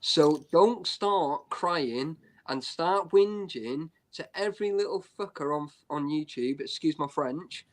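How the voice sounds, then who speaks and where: Guy on a live stream, kinda high voice, blunt and open, says you know a lot. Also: slow pace. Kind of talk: casual live-stream chat.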